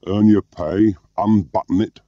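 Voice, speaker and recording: A man voicing an excitable, nervous male agent who talks in an agitated, jeering way, in a muffled recording. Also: lowish voice, unhurried, dry recording, pitched above the performer's own voice, natural voice. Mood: impatient.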